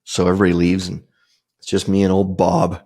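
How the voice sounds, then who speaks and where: A middle-aged man with a deep, gravelly voice tells a personal story on his podcast. His tone is husky and unpolished. He rambles loosely, piling up fillers and restarts as he goes. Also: monotone, fairly quick, a little mellow. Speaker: podcast host.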